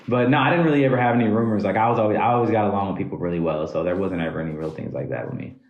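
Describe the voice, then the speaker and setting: A young man with a low voice talks loosely on a podcast, full of likes and ums. His voice carries a roomy echo. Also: very fast, highs cut off. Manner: laid-back, filler-heavy talker. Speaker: podcast co-host. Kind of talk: casual podcast chat.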